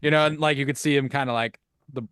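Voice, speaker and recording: Swearing, animated male podcast co-host. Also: mid-range voice, fast talker, smooth, dry recording, studio quality. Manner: animated, swears freely, many restarts. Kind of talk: casual film discussion.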